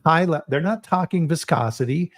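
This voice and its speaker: On a casual live stream, the host tells animated stories in a somewhat high voice at a moderate speed. He frequently restarts sentences and repeats himself.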